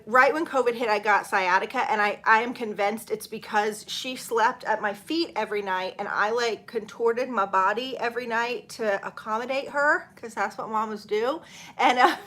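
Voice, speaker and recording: Bright, chatty woman. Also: fairly high pitch. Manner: chatty, laughs often, reads viewer comments aloud. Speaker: channel host. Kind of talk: casual live-stream chat.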